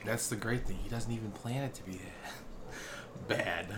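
A man's voice: fairly low pitch, a little slow, heavy background noise. A man co-hosting a casual podcast, teasing and sarcastic with his partner. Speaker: podcast co-host. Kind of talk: casual banter.

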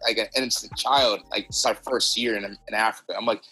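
A young man, a podcast guest, chatting casually with quick asides. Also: fairly low pitch, steady tone, bright, forceful tone, slightly rough, faint music behind, rough recording. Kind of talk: casual chat.

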